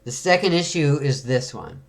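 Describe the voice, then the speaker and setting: A man's voice: fairly high pitch, expressive, normal speed. A man hosting a comic book video, reading a comic aloud and chatting casually with fillers and little chuckles.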